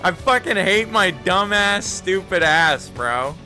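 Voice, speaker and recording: High, animated young man streaming games. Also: takes it slowly, soft background music. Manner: rambling, self-critical, swears often. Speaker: game streamer. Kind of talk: casual live-stream chat.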